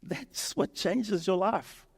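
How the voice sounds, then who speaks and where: A male pastor preaching a sermon, animated, acting out the lines of the people in his story. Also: high-pitched, takes it slowly, vocal fry, breathy edge. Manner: animated, acts out dialogue in quoted voices. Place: church sanctuary. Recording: reverberant church hall.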